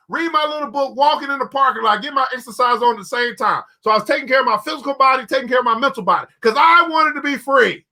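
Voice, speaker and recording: A man hosting a motivational talk, preaching in an emphatic, repetitive way and now and then shouting. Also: very high voice. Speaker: motivational show host.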